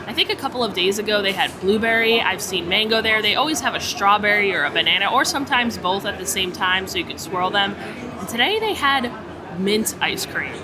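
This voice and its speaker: A woman's voice: medium pitch, fast talker, hardly any pauses. A woman hosting a casual food vlog, chatty and upbeat as she reviews dishes. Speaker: food vlogger host. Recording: crowd chatter behind. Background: crowd chatter on a cruise ship.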